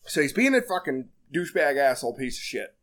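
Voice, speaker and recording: Man, podcast host, high voice, swears freely, laughs often, loose movie recap. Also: big pitch swings, quick pace, fairly bright tone. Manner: profane, laughing, acts out characters' lines. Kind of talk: casual movie recap chat.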